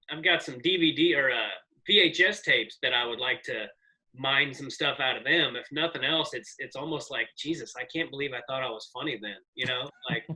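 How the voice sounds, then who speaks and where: A man in his forties, a comedian guest telling rambling, animated stories in casual podcast chat. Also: mid-range voice, low-quality recording. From American South. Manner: rambling, animated storyteller with profanity.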